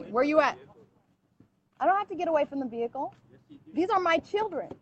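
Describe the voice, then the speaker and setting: A woman's voice: sits high, expressive, a little fast, dull audio. A mother livestreaming outdoors beside a car, talking in an urgent, agitated way and coaching her children to speak up. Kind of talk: live phone stream, urgent pleading.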